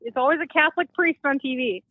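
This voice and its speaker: A woman's voice: high-pitched, quick pace, narrow, tinny audio. A woman from Alaska co-hosting a podcast, reacting to a story with wry jokes in casual chat. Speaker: podcast co-host.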